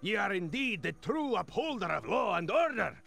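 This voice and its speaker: Old hillman chief in a video game, gravelly, kinda high and swoopy, all thee and ye talk. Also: sing-song, normal speed, a bit bright, heavily acted. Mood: proclaiming. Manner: archaic, grand proclamations. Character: solemn older male hillman leader, formal. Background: game music.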